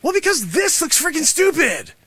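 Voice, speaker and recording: A man playing a brash, greedy karate sensei who shouts, hard-sells and scolds his class in an improvised comedy bit. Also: very high voice, wildly swooping pitch, normal speed, dry recording, full character voice. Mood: scolding bombastic. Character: brash loud-mouthed male karate sensei, greedy and bossy. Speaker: host. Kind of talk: improvised comic character monologue.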